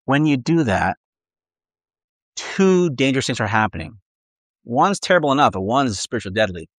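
Guy preaching a sermon, earnest and chatty, mid-pitched voice, dry close sound. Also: sing-song, normal speed, a bit bright, no echo. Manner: earnest, conversational preaching with acted-out inner voices.

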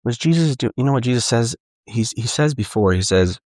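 An earnest male pastor delivering a sermon in a plain, conversational manner, his voice sitting at an ordinary middle pitch. He repeats himself and restarts phrases as he works through his point. The sound is dry and close, with little room echo. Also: expressive, fairly quick, a little mellow.

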